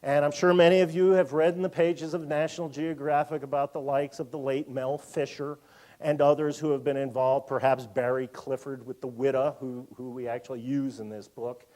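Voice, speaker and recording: A man in his fifties giving a public lecture in a museum auditorium, animated and full of joking asides. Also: medium pitch, normal speed. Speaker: university lecturer.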